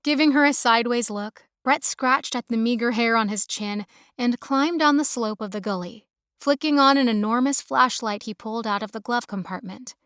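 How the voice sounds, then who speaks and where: A woman narrating a romance audiobook in a steady, even storytelling manner. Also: fairly high pitch, moderate pace, clear, resonant tone, no echo, clean studio sound.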